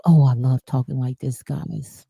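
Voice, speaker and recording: A woman's voice: rumbling low, fairly even intonation, measured pace, vocal fry, slightly rough, no echo, highs cut off, faint music behind. A woman giving impassioned spiritual commentary, preachy and emphatic, repeating phrases for emphasis. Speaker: commentary host.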